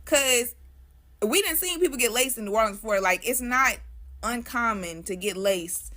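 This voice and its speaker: A woman's voice: a little high, lively intonation, moderate pace, bright, forceful tone. A young adult woman telling a spooky story in a casual, slangy way, talking straight to her viewers.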